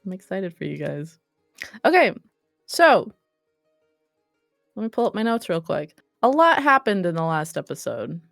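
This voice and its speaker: A woman's voice: lowish voice, sing-song, measured pace, vocal fry, pauses often, no echo, studio quality, faint music behind. A woman running a tabletop role-play game, recapping the last session casually with many ums and self-corrections. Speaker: game master.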